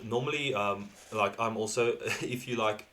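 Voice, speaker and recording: A man's voice: lowish voice, measured pace, a bit bright. A man from South Africa with a South African accent, hosting a reaction video in rambling casual commentary and laughing often between thoughts.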